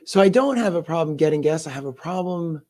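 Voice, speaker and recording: A man's voice: fairly high pitch, lively intonation, fast talker, dark tone. A man hosting a casual podcast chat, joking and rambling bluntly. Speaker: podcast host.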